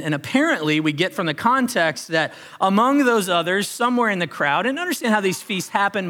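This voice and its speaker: A man preaching a sermon in an earnest way, his slightly high voice rising on key phrases and then sinking low and soft. His delivery is built for a congregation and leans on repetition. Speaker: pastor.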